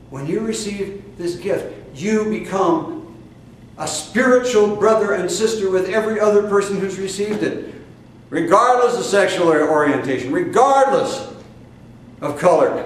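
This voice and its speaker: An older spiritual teacher with a high-pitched voice and a Midwestern American accent preaches to a congregation, emphatic and fiery, with sudden loud bursts and drawn-out stresses. The recording sounds echoey and distant, with faint noise.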